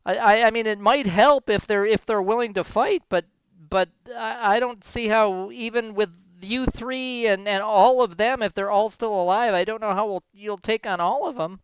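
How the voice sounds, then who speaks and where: A man's voice: high voice, normal speed, smooth, no echo, lo-fi sound, voice pushed up. A man voicing a terrified town mayor who stammers and panics in a tabletop game. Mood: panicked.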